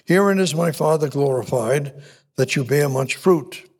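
A man preaching a sermon in an emphatic, repetitive way, with frequent restarts and halting pauses. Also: a little high, darkish tone, husky.

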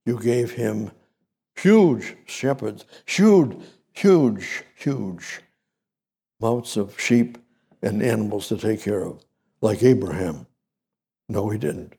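A man delivers a sermon in a slow, deliberate cadence, leaning on repetition. His voice is dark and gravelly with a husky edge. He jumps up in pitch on key phrases. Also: steady tone. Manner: repetitive, emphatic preaching with sudden pitch rises. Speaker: preacher.

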